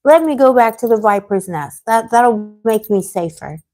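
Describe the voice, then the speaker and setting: A woman's voice: on the high side, animated, normal speed, a little mellow, faint music behind. A woman hosting a tarot live stream, chatting casually with viewers, rambling and getting heated as she vents. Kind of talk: casual livestream chat answering viewers.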